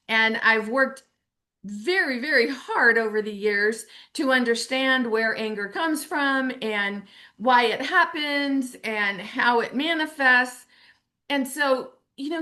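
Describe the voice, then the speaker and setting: Animated woman musing on emotions. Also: a little high. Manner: animated storytelling, acts out her own inner voice. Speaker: spiritual teacher. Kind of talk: casual personal reflection to camera.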